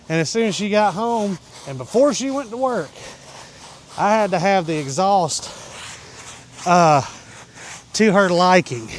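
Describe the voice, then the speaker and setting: Slow-talking, breathless man on a livestream. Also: sits high, a little hiss or hum. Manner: talks to the dog in a soft, coaxing baby-talk voice. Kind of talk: casual live-stream chat while grooming a dog.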